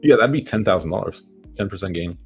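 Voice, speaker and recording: Deep-voiced man narrating his stock trades. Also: fast, husky, faint music behind. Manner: excitable, swearing, talks to the chart. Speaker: day-trading vlogger. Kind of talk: casual live trading commentary.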